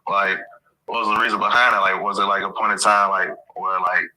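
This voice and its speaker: A man puts questions to a guest, circling around each one with many fillers before he gets to it. His voice sits low with a bright, sharp edge. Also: little pitch movement, a little fast, poor audio. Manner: hesitant, filler-heavy questions. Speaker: interviewer. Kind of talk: casual interview.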